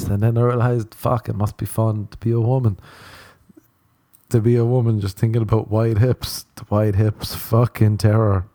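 Hosting his solo comedy podcast, this young man rambles through a profane story, laughing at his own telling. His voice is lowish and dark, with a level tone and a normal speed.

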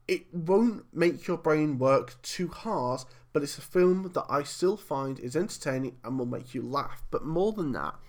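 A man hosts a podcast on his own, reviewing a film in a chatty, opinionated way. His voice sits a little higher than most men's. He keeps posing rhetorical questions as he argues his points. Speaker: podcast host.

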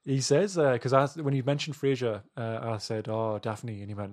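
A man's voice: mid-range voice, steady tone, moderate pace, a little mellow. Jokey man reading listener answers. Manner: jokey, puts on silly accents when quoting. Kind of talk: casual banter, reading out listener messages.

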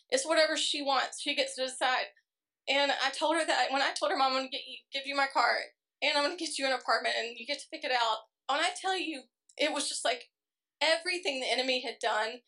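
A woman's voice: high voice, sharp tone. A woman giving an earnest, emotional personal testimony at a church service. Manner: earnest, emotional, quick storytelling. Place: church service before a congregation.

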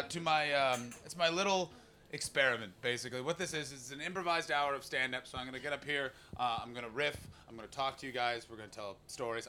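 A man doing an improvised stand-up set, riffing and talking with the crowd, breaking into loud mocking voices for the people in his stories. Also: mid-range voice. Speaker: stand-up comedian. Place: comedy club stage before a live audience.

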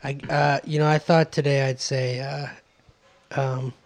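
A man's voice: medium pitch, flat delivery, a little slow. A man co-hosting a podcast in casual chat, sardonic and rambling, with many fillers and restarts. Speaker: podcast co-host.

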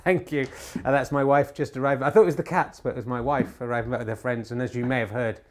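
Rambling deadpan mock sports commentator man. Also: medium pitch. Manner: rambling, many filler pauses; deadpan ironic humour. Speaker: podcast host. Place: home TV room.

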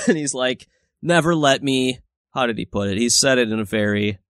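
A man's voice: medium pitch, sing-song, a little fast, fairly bright tone, dry recording, studio quality. A man co-hosting a podcast in casual chat, rambling and swearing freely. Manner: crude, rambling, swears a lot. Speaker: podcast co-host.

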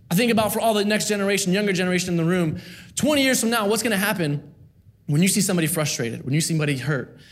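Male preacher, high voice, earnest sermon delivery with rhythmic repeated phrases. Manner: earnest, rhythmic repetition with rising emphasis.

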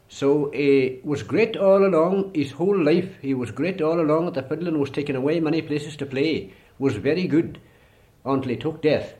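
Donegal storyteller, older style, rambling folksy delivery. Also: male voice, medium pitch, mellow. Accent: Irish (Donegal). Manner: rambling, repetitive "he says". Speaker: traditional storyteller. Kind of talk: folk storytelling.

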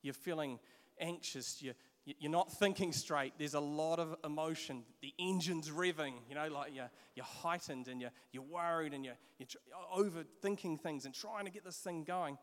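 New Zealand pastor with a light voice. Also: male voice, on the high side, moderate pace. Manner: storytelling, animated, with laughs and repeated restarts. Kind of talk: sermon. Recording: long hall reverb.

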